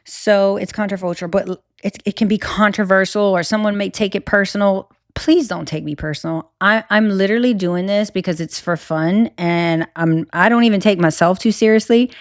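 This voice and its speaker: A woman's voice: mid-range voice, moderate pace, hardly any pauses, no echo, studio quality. A young woman with a Cajun accent hosting a solo podcast, talking candidly with lots of fillers and restarts. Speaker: podcast host.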